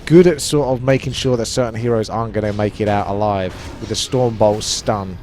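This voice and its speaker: A man's voice: lowish voice, fairly even intonation, brisk, darkish tone, slight background noise. A man casting a live strategy game match, chatty and analytical. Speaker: esports caster.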